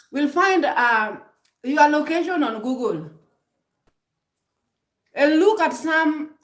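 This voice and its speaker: A Kenyan woman vlogger speaks to camera in a high, fairly bright voice, and the room is echoey. She gives emphatic, preachy relationship advice, nudging viewers with rhetorical "hmm?" prompts and often restarting her sentences.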